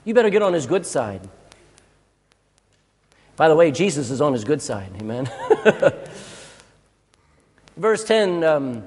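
A man's voice: a little high, very animated, measured pace, pauses often, darkish tone, breathy edge. A male pastor preaching a sermon, emphatic and full of rhetorical questions. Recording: long hall reverb.

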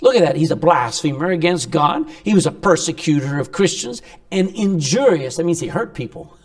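A man delivers a sermon in a fairly high voice that leaps up and down as he preaches. He swings from loud, pressing emphasis to quiet asides and keeps throwing rhetorical questions at the congregation. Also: sing-song, normal speed.

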